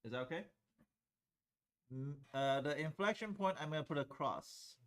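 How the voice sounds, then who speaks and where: A man's voice: fairly high pitch, moderate pace, clear, resonant tone. A man teaching a calculus class, explaining steps conversationally and often checking with students whether they follow. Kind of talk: classroom lecture at a whiteboard.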